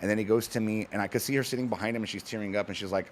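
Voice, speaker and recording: A man on a talk show, telling stories in a fast, animated, casual way with frequent restarts. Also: on the low side, slight background noise. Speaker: guest, cannabis company founder. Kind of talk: casual chat.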